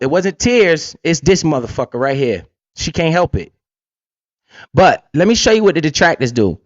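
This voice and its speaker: A man's voice: fairly high pitch, no room sound, highs cut off. A man hosting a casual livestream, talking bluntly with lots of swearing and keeps asking "right?". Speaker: livestream host and crypto investor.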